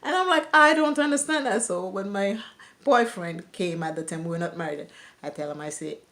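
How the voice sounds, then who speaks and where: A young woman speaks to her camera in a candid, confessional vlog, telling her own life story. Her voice sits somewhat low for a woman. She laughs now and then even as she recalls painful memories. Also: normal speed. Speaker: vlogger. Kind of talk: personal storytelling.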